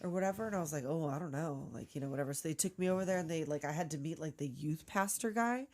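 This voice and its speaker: Animated swearing woman podcast co-host. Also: sits low, very fast. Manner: animated, swears a lot, acts out quotes. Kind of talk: casual film recap chat.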